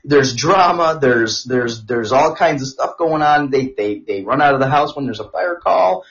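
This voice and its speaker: A man co-hosting a crude casual chat podcast, rambling through stories with repeated words and loud laughs. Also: mid-range voice, moderate pace, gravelly. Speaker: podcast co-host. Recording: dull lo-fi audio.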